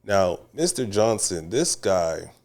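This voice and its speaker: A man's voice: low-pitched, takes it slowly. A young man co-hosting a podcast, telling a story casually with slang and frequent laughs. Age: young adult. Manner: animated, laughing often, slangy. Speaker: podcast co-host.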